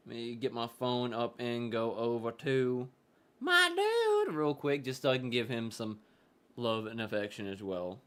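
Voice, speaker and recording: A man talks through a football game on a live stream in a relaxed, rambling way. His voice sits at an everyday middle pitch, and he often breaks off mid-thought and starts over. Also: normal speed, clear, resonant tone. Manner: rambling, chatty, trails off and restarts. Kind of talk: casual live game reaction.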